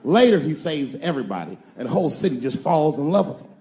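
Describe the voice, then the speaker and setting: Male stand-up comic, lively swinging pitch, profane, big reverberant venue with faint room ambience. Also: fast. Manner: animated, profane, jumps between voices. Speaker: stand-up comedian. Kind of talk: stand-up comedy routine.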